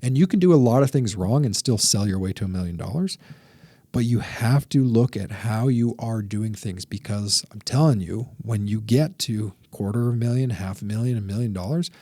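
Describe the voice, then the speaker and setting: Husky-voiced man telling a business story. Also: on the low side, normal speed, no room sound, studio quality. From Canada. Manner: animated storyteller, acts out both sides of phone calls, many "like" fillers. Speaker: podcast host. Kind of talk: casual storytelling monologue.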